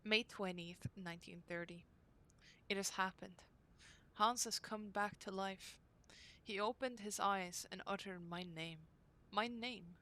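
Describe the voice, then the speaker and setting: A woman reading aloud the diary entries of a young woman devoted to her brother, in an earnest, unhurried way. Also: medium pitch, pushed and bright. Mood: joyful.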